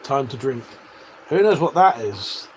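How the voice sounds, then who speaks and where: A man's voice: mid-range voice, big pitch swings, unhurried, a little mellow, slight background noise. An English man in his forties chatting casually on a live stream, reading out viewer comments, laughing and swearing as he banters. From England. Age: 40s.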